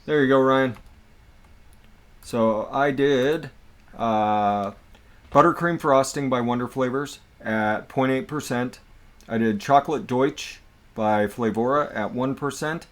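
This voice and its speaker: A man hosting a casual livestream, chatting in a relaxed, jokey way with friends. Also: mid-range voice, slow pace. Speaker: livestream host.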